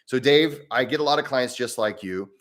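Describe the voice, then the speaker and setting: A man hosting a live stream on breathwork, answering viewer mail in a casual, rambling way with many restarts and easy laughs. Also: moderate pace. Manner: rambling and chatty, with frequent restarts and self-corrections; animated, with pitch jumping up and down.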